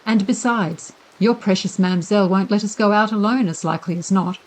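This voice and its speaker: Female reader as a contrary little boy, mid pitch. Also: a little fast, close to an everyday voice.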